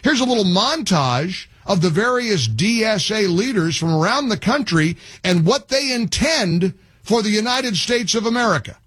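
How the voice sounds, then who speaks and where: A man's voice: high voice, animated, normal speed, few pauses, a bit bright, slightly rough, no room sound. A man hosting a talk radio show, giving opinionated commentary in a mocking tone, laughing as he talks and restarting his sentences. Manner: mocking, laughs while talking, restarts often.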